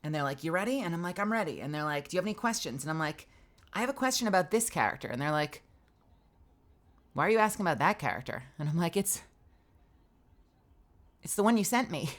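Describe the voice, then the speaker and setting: A woman voice actor streaming from her home booth, telling a story in an animated way and acting out both sides of the conversation. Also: lowish voice, fast talker, long pauses. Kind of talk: casual stream chat.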